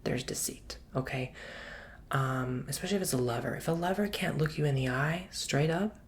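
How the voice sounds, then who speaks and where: Man, ASMR reader, soft-spoken with whispers, gravelly, rambling casual slang, close mic, faint hiss behind. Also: on the high side, normal speed. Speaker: ASMR tarot and coffee cup reader.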